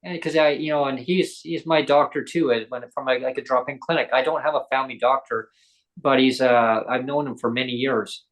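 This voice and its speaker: A man in the host's seat of a podcast, speaking at a middle pitch for a man. He talks casually and earnestly and gets animated as he tells his stories. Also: brisk, poor audio. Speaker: podcast host.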